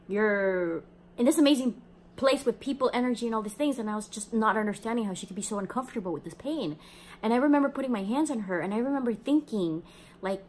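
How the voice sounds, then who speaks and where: A woman's voice: mid-range voice, a little hiss or hum. A young woman hosting a podcast, telling a personal story in a chatty way, laughing often and acting out the people she quotes. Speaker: podcast host.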